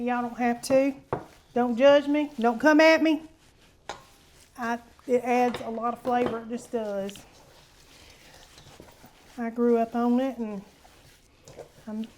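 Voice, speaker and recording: A woman hosting a casual cooking demonstration in her home kitchen, chatty and homey, calling viewers honey. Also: on the high side. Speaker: cooking show host.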